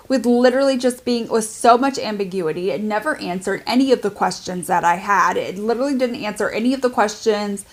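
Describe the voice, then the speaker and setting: A woman's voice: medium pitch, brisk, hardly any pauses, fairly bright tone. A young adult woman chatting casually in a book review vlog, filling her talk with "like". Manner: chatty, lots of "like" fillers. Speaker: book vlogger.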